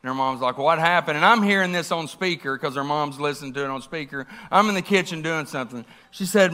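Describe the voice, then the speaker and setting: A pastor in his forties delivers a sermon through a long, lively story. His voice sits high and bright. He acts out every quote with big swings. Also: quick pace, few pauses.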